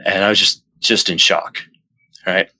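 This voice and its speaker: Low-voiced man, forceful and dry. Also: steady tone, unhurried, husky, dry recording, rough recording. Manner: earnest, rambling retelling with frequent restarts and fillers; acts out his own quoted lines in a jumpy, raised voice. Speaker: podcast guest. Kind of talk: casual storytelling in an interview.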